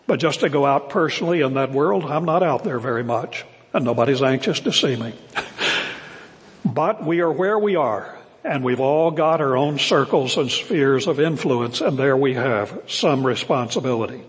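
An older male pastor preaching a sermon to his congregation, earnest and emphatic, slowing down to stress key words. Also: medium pitch. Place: church sanctuary. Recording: long reverb of a church hall.

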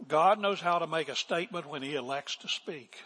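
An older man preaching a sermon as pastor, swinging from emphatic declarations to hushed asides. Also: a little high, fairly quick, husky. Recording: long reverb of a large hall.

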